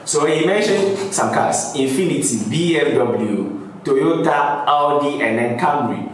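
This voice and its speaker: A man's voice: fairly high pitch, expressive, a little slow, far from the mic. A man hosting a music reaction, casually explaining rap lyrics line by line and laughing often. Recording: roomy echo, off-mic, faint background noise.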